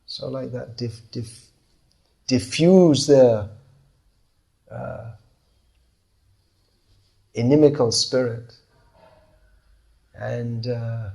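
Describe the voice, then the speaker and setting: Gravelly-voiced man teaching scripture. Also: medium pitch, drawn-out words, long pauses, mellow. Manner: conversational, acting out quoted replies. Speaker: lecturer giving a scripture class. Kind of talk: scripture class lecture. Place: class in Bangalore.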